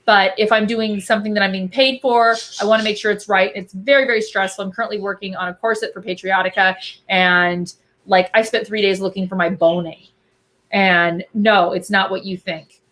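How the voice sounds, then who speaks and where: A woman's voice: mid-range voice, fairly bright tone. A woman guest chatting casually and bubbly, answering viewer questions about cosplay. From Albuquerque. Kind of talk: casual chat.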